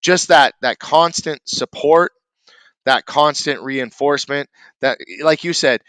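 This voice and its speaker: A man with a bright, smooth, clean voice talks reflectively as a podcast host, building on his guest's points. The sound is dry and close, with no room echo. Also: a little high, unhurried. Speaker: podcast host, martial arts instructor. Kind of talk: conversational interview.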